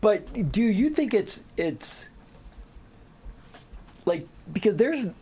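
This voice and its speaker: Male podcast host, higher register; hesitant, builds questions through repeated false starts. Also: sing-song, dark tone, breathy edge. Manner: halting, restarts his questions often. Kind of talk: podcast interview.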